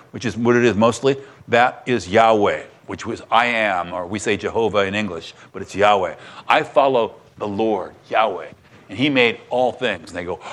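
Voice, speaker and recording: A man preaching a sermon, retelling a Bible story with animated storytelling and acted-out voices. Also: fairly low pitch. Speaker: pastor.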